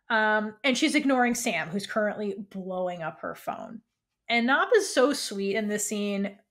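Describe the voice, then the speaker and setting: A woman co-hosting a podcast, recapping a TV episode in animated storytelling with quick asides and casual swearing. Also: a little high. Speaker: podcast co-host.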